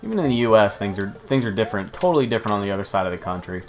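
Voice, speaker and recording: A man's voice: lowish voice, lively intonation, rapid-fire, faint music behind. Rambling, profane young man. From United States. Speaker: let's play host. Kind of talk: casual gameplay commentary.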